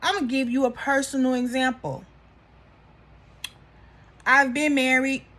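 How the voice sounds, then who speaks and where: A woman's voice: high voice, steady tone, a little slow, a bit bright. A young woman with a Houston accent gives emphatic, repetitive reality TV recap commentary full of Southern slang. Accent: Houston, Texas. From Houston, Texas. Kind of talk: casual reaction commentary.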